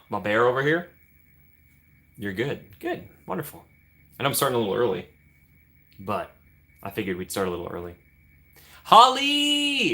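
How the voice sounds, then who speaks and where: A young Midwestern American man hosts a casual livestream, greeting chat by name in a playful, talkative way. His voice is bright and forward, and his pitch jumps all over as he banters. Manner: playful, chatty, reads and answers chat. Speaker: livestream host. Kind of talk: casual chat with live viewers.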